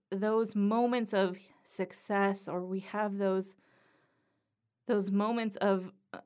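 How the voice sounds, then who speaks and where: Slow, earnest woman podcast host. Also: medium pitch. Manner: earnest, reflective, slow and thoughtful. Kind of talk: solo podcast monologue.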